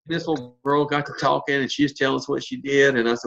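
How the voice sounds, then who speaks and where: A man's voice: mid-range voice, quick pace, gravelly, sharp tone, slightly rough, dull audio. A man in his fifties giving a motivational talk as a network marketing leader, telling stories in a blunt, folksy way with mild cursing. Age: 50s.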